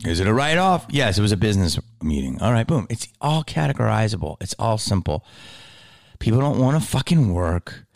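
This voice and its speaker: A man's voice: on the low side, big pitch swings, a little fast, vocal fry. A middle-aged man comedian ranting in a heated, profane, swaggering way.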